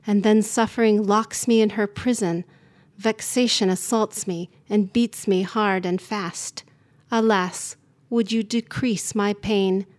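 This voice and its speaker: A woman voicing a young female singing student who is ashamed and tearful, read slowly and plainly. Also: mid-range voice, a little mellow, close to an everyday voice.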